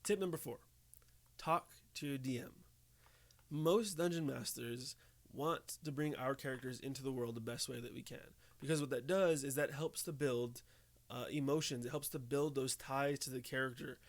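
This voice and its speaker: A man's voice: mid-range voice, moderate pace. Chatty young man giving game tips. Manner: conversational, often checks in with "okay?" and "right?". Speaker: tabletop game tips host. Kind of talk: casual tips talk to camera.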